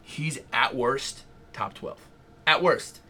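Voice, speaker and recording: A man's voice: mid-range voice, slow. Argumentative young man debating football. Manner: animated, argumentative, stammers when pressed. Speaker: podcast co-host. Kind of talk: casual sports debate.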